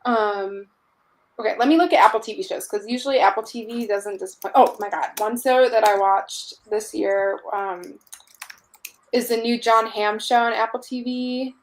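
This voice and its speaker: A woman co-hosting a relaxed podcast, talking fast and dropping "like" all through her sentences. Her voice sits a touch higher than most. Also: slight background noise. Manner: chatty, quick, filler-heavy. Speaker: podcast co-host. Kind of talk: casual chat.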